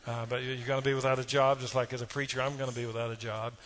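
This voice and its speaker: A man's voice: medium pitch, flat delivery, very fast, fairly bright tone. Folksy preacher man. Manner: folksy storytelling with audience asides. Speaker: pastor. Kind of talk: sermon.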